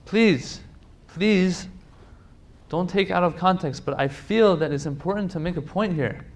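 A man's voice: sits high, a little slow. Emphatic man giving a religious lecture. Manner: emphatic, repeats phrases for stress; speaks directly to listeners with pleading asides.

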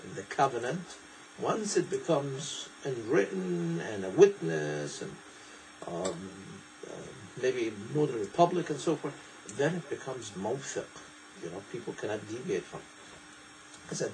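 Lively man preaching. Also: mid-range voice, background noise. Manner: lively, digressive, recites in quick bursts. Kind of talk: sermon explaining scripture.

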